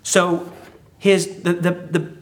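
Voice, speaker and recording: Chatty, humorous preacher with a higher voice. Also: male voice, level tone, slow pace. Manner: conversational, humorous storytelling. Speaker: pastor. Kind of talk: sermon.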